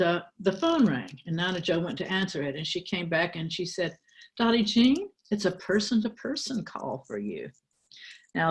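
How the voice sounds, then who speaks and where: An older woman telling a personal story aloud, in a wry, candid way with pauses and restarts. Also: lowish voice. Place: church.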